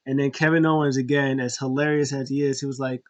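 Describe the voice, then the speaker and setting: A man casually recapping a wrestling show, rambling with many fillers and restarts, getting animated when he retells what was said. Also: medium pitch, fast, lo-fi sound.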